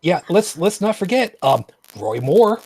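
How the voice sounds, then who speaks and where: A man co-hosting a podcast in casual political chat, quick and teasing one moment, careful and explanatory the next. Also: high voice, very animated, darkish tone, breathy edge, low-quality recording. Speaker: podcast co-host.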